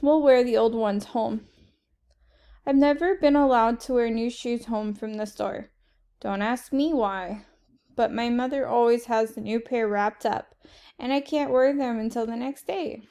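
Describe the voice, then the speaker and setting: A woman reading a children's chapter book aloud in steady first-person narration. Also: fairly high pitch, moderate pace, clear, resonant tone. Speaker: reader.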